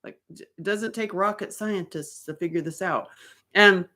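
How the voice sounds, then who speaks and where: A middle-aged woman telling a story in a casual monologue, animated and blunt, laughing often and swearing freely. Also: medium pitch, normal speed. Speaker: author and host.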